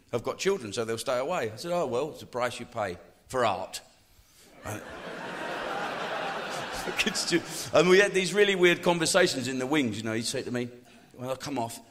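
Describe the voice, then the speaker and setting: An older English man, a comedian, telling profane stories in a cynical, animated way. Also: medium pitch, a little hiss or hum. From England. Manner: swears constantly, animated and cynical. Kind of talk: profane anecdotal storytelling.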